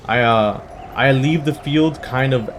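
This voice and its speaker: A young man in his twenties, a gaming channel host, telling a rambling, jokey story in a casual way, with sudden loud bursts. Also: mid-range voice, measured pace, noisy background. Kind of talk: casual storytelling over gameplay. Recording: faint background music.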